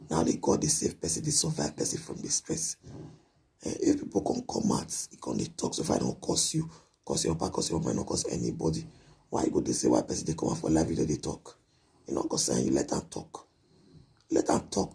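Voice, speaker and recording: A man's voice: a bass voice, creaky, warm tone, breathy edge. A man giving a repetitive, scolding late-night monologue to his viewers on a live video.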